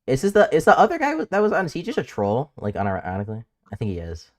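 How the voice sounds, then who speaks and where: A man's voice: mid-range voice, huge pitch swings, fast. A man hosting a livestream debate, arguing sarcastically and talking over the others. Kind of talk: heated casual livestream debate.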